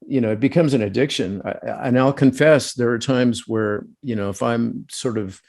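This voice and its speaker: A man's voice: mid-range voice, moderate pace, gravelly, a little mellow. A male actor talking casually in an interview over a video call, thoughtful and chatty with frequent "you know" fillers. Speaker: actor guest.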